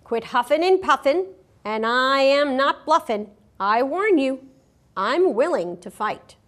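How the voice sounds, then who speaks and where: A woman's voice: high voice, expressive, slow pace, a bit bright, exaggerated voice. A woman voicing a tough, cocky young female ninja pig in a storybook reading, making boastful warnings.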